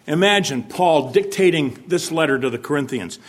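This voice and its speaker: A man's voice: fairly high pitch, lively intonation, normal speed. A man preaching a sermon in church. He asks the congregation questions and acts out stern warnings to drive his point home. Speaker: pastor.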